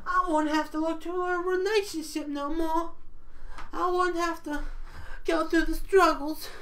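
Man voicing a squealing excited viewer, high shrill voice, gushing. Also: unhurried, heavily acted.

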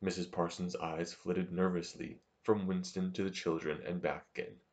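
A man narrating a novel as an audiobook in a steady, measured reading. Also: sits low.

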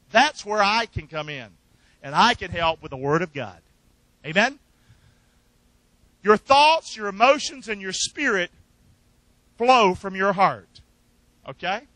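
A man preaching a sermon, urging the congregation to repeat his lines back and swinging from loud emphatic calls to quiet asides. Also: high voice, sing-song, normal speed, long pauses, no room sound, low-quality recording. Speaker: pastor. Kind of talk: sermon with call and response.

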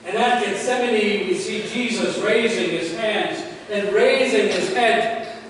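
Man, pastor, sermon, high voice, long church reverb, faint ambience. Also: unhurried, slight background noise. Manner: dramatic storytelling, voice falling away at phrase ends. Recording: echoey hall from far off.

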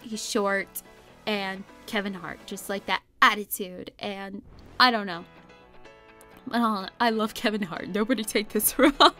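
A woman's voice: mid-range voice, fairly even intonation, measured pace, sharp tone, faint music behind. A woman host rambling casually about her drawings, giggling often and second-guessing herself. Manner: rambling, giggly, self-conscious. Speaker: art channel host. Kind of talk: casual voice-over commentary.

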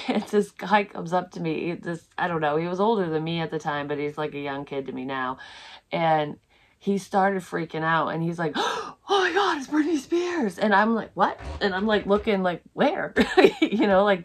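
A woman in her thirties telling a personal story in a casual, rambling way, swearing freely and laughing as she goes. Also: low-pitched. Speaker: psychic medium vlogger.

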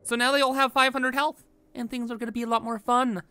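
A man's voice: very high-pitched, flat delivery, quick pace, noisy background. A young man giving playful, hyped commentary over his strategy game. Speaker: gaming YouTuber. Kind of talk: casual gameplay commentary.

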